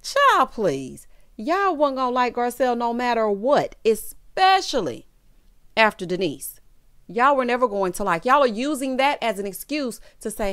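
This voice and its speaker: Sassy woman vlogger recapping reality TV with big, bouncing intonation and loud laughter. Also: a little high, moderate pace. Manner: sassy and animated, keeps saying "honey" and "child", breaks into loud laughter. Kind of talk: casual recap commentary.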